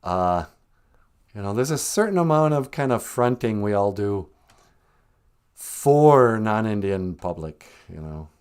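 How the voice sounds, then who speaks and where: Man, podcast host, jokey storyteller, lively swinging voice, outdoors porch. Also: lowish voice, a little slow, clear, resonant tone. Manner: joking storyteller, laughs often. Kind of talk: casual live-stream chat.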